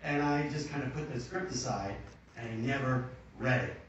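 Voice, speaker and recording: A man's voice: mid-range voice, normal speed, slight background noise. Brief: male actor at a cinema Q&A, jokey rambling anecdotes, heard from far off in a roomy hall. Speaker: actor on a Q&A panel. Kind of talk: joking panel storytelling. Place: cinema auditorium. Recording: echoey muffled hall audio from far off.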